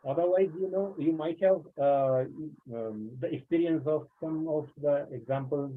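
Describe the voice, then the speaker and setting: A man's voice: mid-range voice, husky. A man giving a webinar lecture to teachers, explaining patiently with many "uh" fillers. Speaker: teacher trainer. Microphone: video call. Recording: tinny phone-like online call audio.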